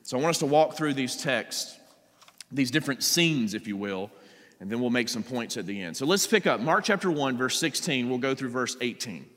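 A man's voice: mid-range voice, expressive, moderate pace, fairly bright tone, big-room sound. A man preaching a sermon, reading scripture passages aloud and then explaining them to the congregation. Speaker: pastor. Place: church sanctuary.

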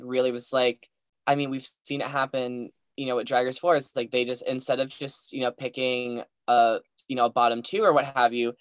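A man's voice: mid-range voice, fairly bright tone, no room sound. A man co-hosts a podcast, chatting casually in a mid-range voice. He hesitates and rambles through his points with many hedges. The recording is dry and close. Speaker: podcast co-host. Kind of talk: casual chat.

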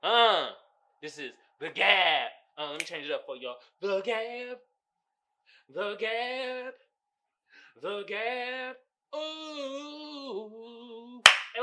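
A man hosting a casual solo podcast, talking loudly and profanely, often laughing and shouting exclamations. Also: sits high, animated, fairly quick, very noisy. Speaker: podcast host.

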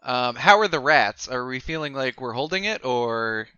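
A player in a tabletop role-playing game who talks playfully and breaks into loud in-character shouts. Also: mid-range voice, normal speed, smooth, no echo. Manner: playful, lively, with bursts of shouted in-character lines. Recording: dull lo-fi mic.

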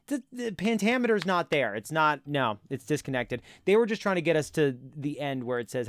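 Rambling mock-outraged man, smooth voice. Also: on the high side, animated, moderate pace, hardly any pauses, dry recording. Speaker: podcast co-host. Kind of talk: casual comedic banter.

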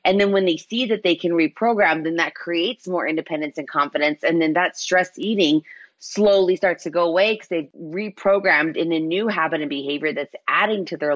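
A woman's voice: low-pitched, a bit bright, dry recording, muffled recording. A woman explaining habit change in an earnest, coaching way during a casual interview. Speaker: health coach guest.

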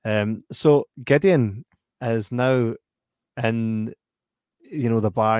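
A man's voice: medium pitch, slow, long pauses, clear, resonant tone, no echo. Man chatting animatedly about a film. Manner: animated, acts out film lines in put-on voices, laughs often. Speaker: podcast co-host. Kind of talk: casual film review chat.

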